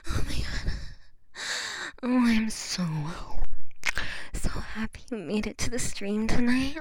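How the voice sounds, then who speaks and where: A woman's voice: on the high side, takes it slowly, long pauses, slight background noise. A woman streaming live, breathless and gasping, talking in pleading bursts. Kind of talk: intimate adult live stream.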